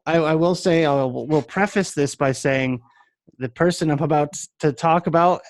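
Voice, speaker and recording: A man's voice: fairly high pitch, no echo. A man hosting a casual chat, telling rambling shop anecdotes with lots of fillers. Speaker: podcast host and vape shop worker.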